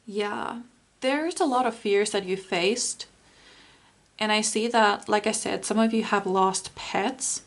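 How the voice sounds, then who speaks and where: A woman giving a spoken tarot reading, soft and earnest, with many fillers. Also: medium pitch, slow. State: tearful, emotional. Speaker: tarot reader.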